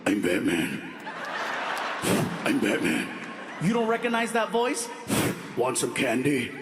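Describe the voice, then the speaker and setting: A creepy deep-voiced caped vigilante. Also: male voice, wildly swooping pitch, takes it slowly. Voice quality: very deep, growling. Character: creepy gravel-voiced male superhero vigilante. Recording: echoey hall with crowd noise.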